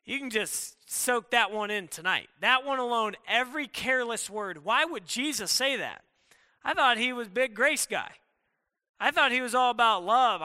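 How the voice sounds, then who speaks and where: Young male youth pastor, high bright crisp voice, reverberant hall; conversational sermon. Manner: conversational preaching with quick asides.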